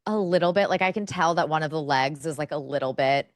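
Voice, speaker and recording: A woman's voice: low voice, quick pace, no room sound, clean studio sound. Chatty young woman podcast co-host. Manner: chatty, rambling, lots of fillers. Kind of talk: casual chat.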